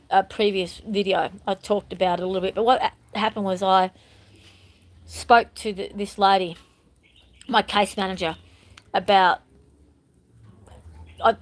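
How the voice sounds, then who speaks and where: A woman's voice: mid-range voice, poor audio. A woman talking candidly in a rambling, emotional personal vlog, filmed at home on a phone. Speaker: vlogger.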